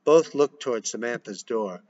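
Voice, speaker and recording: A man's voice: medium pitch, lively intonation, moderate pace, a little mellow. A man reading a screenplay's scene headings and stage directions aloud. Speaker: script reader. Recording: dull lo-fi recording.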